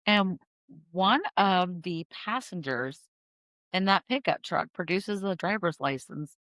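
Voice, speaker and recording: A woman's voice: fairly low pitch, animated, slow, a bit bright, no room sound. A woman podcast host casually telling a true-crime story, chatty and full of fillers and restarts. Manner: chatty, filler-heavy, self-correcting storyteller. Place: in-person podcast studio.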